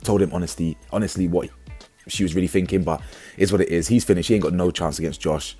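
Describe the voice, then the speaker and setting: A low-voiced man talks through a reality show episode in an animated, slangy way. His voice is husky, and he keeps restarting his sentences. Faint music plays underneath. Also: fast. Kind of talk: casual commentary.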